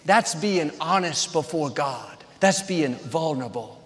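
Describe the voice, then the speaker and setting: High-voiced man preaching in a hall. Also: lively intonation, a little slow. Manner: emphatic preaching cadence, short repeated phrases building up. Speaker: pastor. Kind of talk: sermon.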